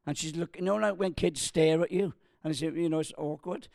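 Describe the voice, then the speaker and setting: High-voiced older man preaching. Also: brisk, vocal fry, a faint crowd. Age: 60s. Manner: storytelling, jokey, stumbles and restarts; rises loud and excited in the punchlines. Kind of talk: sermon with a personal story.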